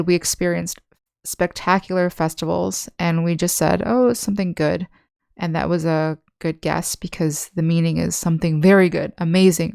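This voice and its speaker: A young woman walks learners through vocabulary, one example at a time. Her voice sits a little low, smooth and resonant, with a touch of fry. The sound is close and dry, with no room around it. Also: a little mellow, no echo. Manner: patient, explains slowly with examples. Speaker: English teacher. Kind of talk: online language lesson.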